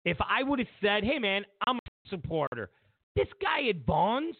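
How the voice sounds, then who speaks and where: A man's voice: high-pitched, sing-song, moderate pace, dry recording. A man hosting a talk show, delivering a rambling political monologue with many repeated words and restarts. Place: Los Angeles. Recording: dry, tinny phone-like sound.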